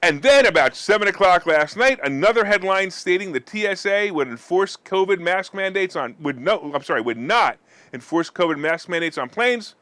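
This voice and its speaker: Sarcastic bright-voiced male finance show host. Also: high voice, animated, moderate pace, no echo. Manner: sarcastic, mock-weeping theatrics. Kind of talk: scripted political finance commentary.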